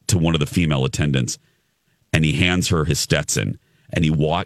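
A man telling a story in casual conversation, lively, with frequent restarts. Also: extremely low pitch, dry recording, clean studio sound. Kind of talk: casual anecdote.

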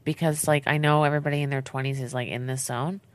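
A woman's voice: deep voice, steady tone, fast talker. A woman in her twenties co-hosting a casual podcast, blunt and teasing, with some swearing. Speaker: podcast co-host. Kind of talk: casual chat.

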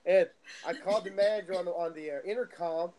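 High-voiced man reminiscing. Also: fast, a little mellow. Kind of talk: casual chat.

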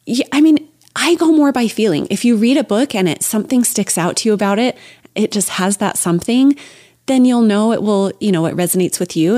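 A woman's voice: medium pitch, dark tone. A middle-aged woman speaking as a guest expert on a podcast, enthusiastic and opinionated in casual conversation, laughing often. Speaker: guest children's book expert.

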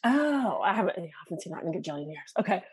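A woman guest in a casual quiz game, chatty and unsure in her guesses, with quick asides. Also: lowish voice, very animated, breathy edge.

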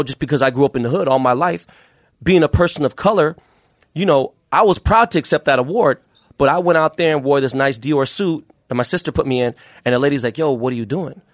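Fast-talking, profane man in casual chat. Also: mid-range voice, dry recording, clean studio sound. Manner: rapid, profane street talk full of fillers. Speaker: jeweler, podcast guest.

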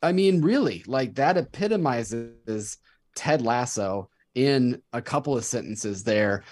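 A man's voice: medium pitch, slow pace. A man co-hosting a podcast, chatting casually about a TV episode and reading favorite quotes aloud with enthusiasm. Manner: enthusiastic, reads quotes aloud in animated voices. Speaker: podcast co-host.

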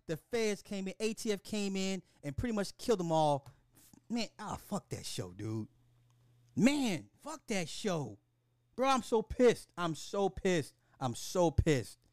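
A man hosting a casual podcast, ranting in an animated, profane, excitable way. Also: sits high, smooth, no room sound, clean studio sound. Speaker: podcast host.

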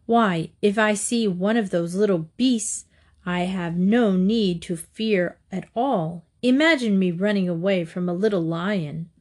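A woman's voice: medium pitch, unhurried, darkish tone, natural voice. A woman voicing a proud, bullying male wolf in storybook fables, speaking with growling boasts. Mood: boastful.

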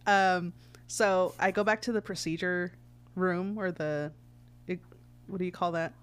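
A woman's voice: lowish voice, measured pace, clear, resonant tone. A young woman casually telling a funny personal story, giggling often and acting out what people said. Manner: giggly, animated retelling with acted quotes. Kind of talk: casual chat.

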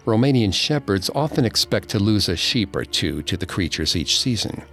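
A man giving slow, grave, hushed scripted narration of a dark true story. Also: on the low side, sing-song. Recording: faint music behind.

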